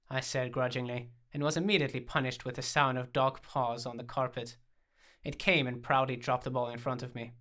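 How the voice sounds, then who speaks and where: A man reading a first-person comic story aloud in a dry, deadpan manner, acting out the dialogue. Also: mid-range voice, brisk.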